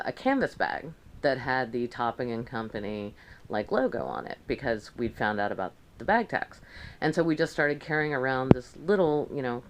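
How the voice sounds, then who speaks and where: A woman's voice: very deep voice, a little hiss or hum, rough recording. An American woman vlogger in a hotel room, chatting casually and ramblingly about her travels through a camera mic, with lots of restarts and asides. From United States.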